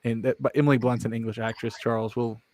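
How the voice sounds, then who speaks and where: A man's voice: medium pitch, level tone, quick pace, a little mellow. A man hosting a podcast, asking friendly follow-up questions in a casual, conversational way. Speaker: podcast host. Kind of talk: casual interview chat.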